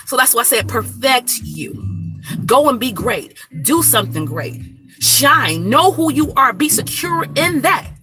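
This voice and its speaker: Woman, singer, casual vlog talk, frank and animated, loud background music. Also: high-pitched. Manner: frank, animated, Black American vernacular phrasing. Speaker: singer and streamer. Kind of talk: casual direct-to-camera talk.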